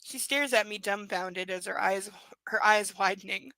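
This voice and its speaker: A woman reads a novel aloud in a clear, bright voice. She keeps stopping for sarcastic, amused remarks about the characters. The sound is dry and close. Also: medium pitch, normal speed, dry recording, rough recording. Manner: sarcastic asides, laughing at the text. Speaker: reader. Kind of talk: live book reading with commentary.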